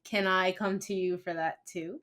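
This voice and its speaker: A woman's voice: fairly low pitch, fairly even intonation, moderate pace, a bit bright. A woman co-hosting a podcast, adding dry, brief remarks in casual recap chat. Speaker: podcast co-host.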